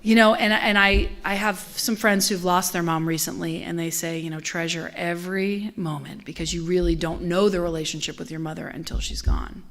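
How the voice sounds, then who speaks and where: A middle-aged woman giving a conversational sermon as a guest minister, telling stories with acted-out voices and sometimes dropping to a soft whisper. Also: lowish voice, moderate pace, hardly any pauses. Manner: animated storytelling, acts out quoted voices; drops to a soft whisper on key points.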